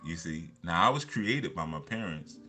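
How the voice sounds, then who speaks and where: A man's voice: deep voice, lively intonation, normal speed, pushed and bright, faint music behind. A man, a motivational speaker, telling personal stories in a loose, rambling way, with lots of restarts and repeated fillers. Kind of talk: casual storytelling talk.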